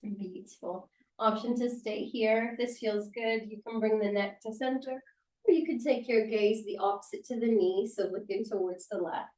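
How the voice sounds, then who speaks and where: A woman teaching a yoga class, giving calm, encouraging, unhurried cues through the movements and breaths. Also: medium pitch. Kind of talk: guided yoga class instruction. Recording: roomy sound from a distance.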